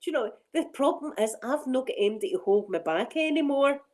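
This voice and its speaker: Scottish woman, middle-aged, casual ASMR chat, rambling, laughing, warm mellow tone. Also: high-pitched, expressive, fast talker, low-quality recording. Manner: chatty, rambling, laughs often. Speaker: ASMR channel host.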